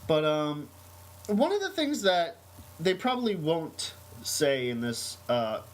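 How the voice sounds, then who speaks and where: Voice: mid-range voice, sing-song, takes it slowly, poor audio. A podcast host in casual chat, reading a news item aloud with many hesitations, then telling a story. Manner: hesitant, many ums and uhs.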